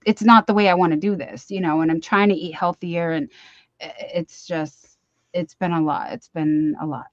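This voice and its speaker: A woman's voice: on the low side, no echo, muffled recording. Chatty, easily sidetracked middle-aged woman. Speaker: livestream host. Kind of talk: casual live-stream chat. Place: at home. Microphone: computer mic for a live stream.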